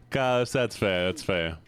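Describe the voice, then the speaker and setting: Playful streamer man with a lively voice. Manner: playful, chatty with chat, squeals up high. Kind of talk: casual livestream chat while gaming.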